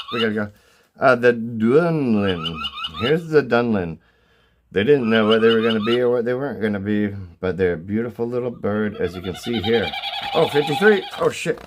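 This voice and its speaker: A man hosting an irreverent comedic walkthrough of a bird sound book, swearing freely and rambling between mock-serious asides. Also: mid-range voice. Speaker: host reading through a bird sound book. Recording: noisy recording with bird calls playing. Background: bird calls played from a sound book.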